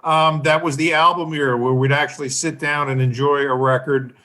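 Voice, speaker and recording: A man's voice: on the high side, flat delivery, fairly quick, pushed and bright. A man hosting a casual interview, laid-back, asking open questions. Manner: laid-back, asks open questions, frequent short backchannel. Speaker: podcast interviewer.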